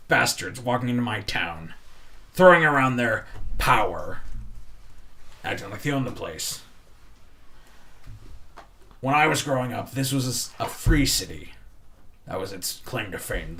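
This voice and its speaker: A man voicing a gruff, bitter male dwarf bartender who grows heated. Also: lowish voice, animated, moderate pace, pauses often, a bit bright. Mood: angry. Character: gruff middle-aged male dwarf barkeep, angry rebel.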